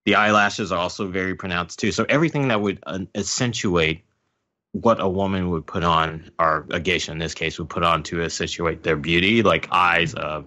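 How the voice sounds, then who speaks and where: A man's voice: sits low, moderate pace, pushed and bright. A man hosting a podcast, casually and analytically pointing out details. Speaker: podcast host. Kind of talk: casual chat. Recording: dull lo-fi podcast audio.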